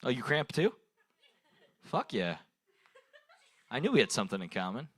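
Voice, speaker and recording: This young man works the crowd with loose, improvised stand-up from a bar stage at an open mic, taking audience suggestions and cracking himself up. He speaks at a normal speed in a medium-pitched, slightly rough voice that swings widely in pitch.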